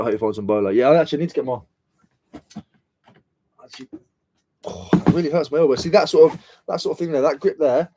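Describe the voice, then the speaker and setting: A man's voice: medium pitch, fast talker, pauses often, dark tone, breathy edge. A British man chatting casually and slangily on a reselling live stream, mocking himself as he goes. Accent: British English. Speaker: reselling vlogger.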